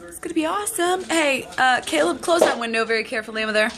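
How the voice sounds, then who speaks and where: Upbeat young woman, lively voice. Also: sits high, fast talker, noisy background. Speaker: vlogger. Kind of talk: casual vlog chat.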